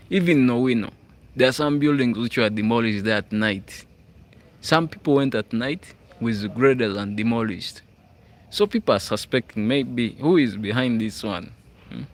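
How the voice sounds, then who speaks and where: Outdoors on school grounds at night, a male livestream host from Uganda talks in a mid-range voice at a measured pace. His Ugandan English chat is relaxed, punctuated by viewer comments he reads aloud and frequent "hmm?" check-ins.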